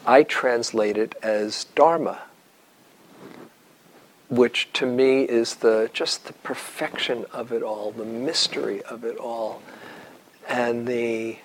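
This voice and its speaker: Guy teaching meditation, dharma talk, really slow and thoughtful, bit of faint room hum. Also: mid-range voice, fairly even intonation, rough recording. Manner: slow, reflective storytelling with long pauses. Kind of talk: dharma talk to retreat students.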